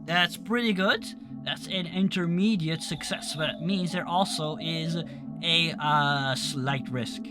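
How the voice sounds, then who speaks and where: A man with a high voice runs a tabletop game, narrating scenes and calling for rolls in an upbeat way. He laughs often. Music plays clearly in the background. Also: takes it slowly. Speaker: game master.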